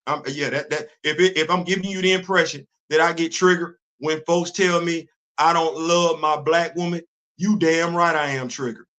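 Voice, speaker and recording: A high-pitched, bright middle-aged man hosts his own casual commentary show. He speaks heatedly and emphatically, hammering his points with repetition. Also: little pitch movement, moderate pace, few pauses. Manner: heated, emphatic, repeats himself. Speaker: host.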